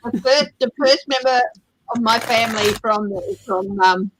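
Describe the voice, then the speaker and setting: A woman's voice: fairly high pitch, measured pace, a bit bright, slight background noise, low-quality recording. A woman from Australia with an Australian accent, hosting a casual tarot livestream over a video call, chatty and laughing often. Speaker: tarot channel host.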